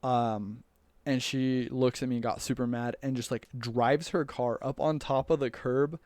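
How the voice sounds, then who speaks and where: A young man tells a personal story in a loose, rambling way, full of fillers and restarts. His voice sits at a middle pitch and comes through smooth and clear. The sound is dry and close. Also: fairly even intonation, unhurried, a little mellow, no echo. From United States. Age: young adult. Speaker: returned missionary telling his story.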